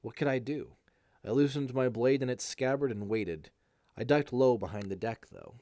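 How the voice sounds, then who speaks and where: A man's voice: medium pitch, moderate pace, warm tone, no echo. A man reading a fantasy novel aloud in first person, with occasional slips and retakes. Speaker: amateur audiobook reader.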